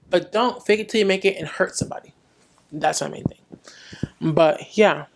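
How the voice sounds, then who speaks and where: A young woman speaking frankly in a casual vlog, giving blunt advice and acting out little conversations. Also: lowish voice.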